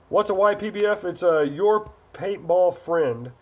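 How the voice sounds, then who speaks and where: Hosting a laid-back livestream, a Northern California man rambles through his answers while reading viewer comments out loud. For a man, his voice is noticeably high, and he speaks a little slowly.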